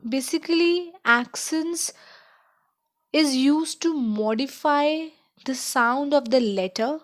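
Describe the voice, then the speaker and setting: A woman teaching a slow beginner French lesson, checking in with "okay?" as she explains each point. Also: high voice.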